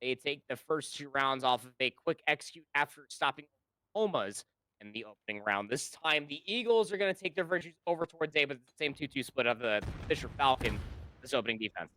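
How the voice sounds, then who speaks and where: A man's voice: mid-range voice, animated, fairly quick, bright, forceful tone, dry recording. A man giving live esports color commentary, chatty and rambling, with lots of fillers as he breaks down plays. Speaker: esports caster.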